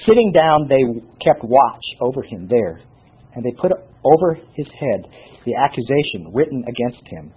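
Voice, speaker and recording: A man preaching a sermon and teaching from scripture, with animated delivery and frequent rhetorical questions to his listeners. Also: medium pitch, moderate pace, breathy edge. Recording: tinny phone-like sound.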